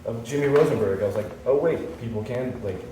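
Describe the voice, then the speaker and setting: A man's voice: medium pitch, fast talker, warm tone. A man hosting an interview, asking short questions and giving brief, agreeable prompts. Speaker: interview host. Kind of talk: casual interview. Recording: echoey room from a distance, faint background noise.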